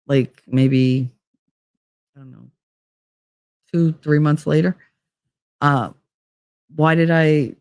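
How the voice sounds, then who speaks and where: A woman with a deep voice hosts a podcast, rambling through a long personal story packed with "like." It's a casual monologue, recorded clean in a studio with no room sound.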